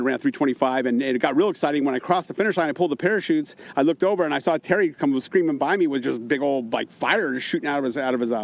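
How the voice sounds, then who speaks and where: Brief: rapid-fire male racer, mid-pitch voice, post-race interview at the track. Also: a little hiss or hum. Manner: quick, rambling, restarts phrases. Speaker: funny car driver.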